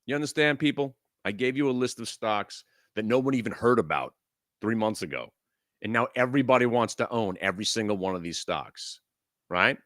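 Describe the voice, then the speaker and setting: A man's voice: on the low side, brisk, fairly bright tone. A middle-aged man hosting a live stock trading room, ranting frantically with lots of swearing. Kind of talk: live market commentary.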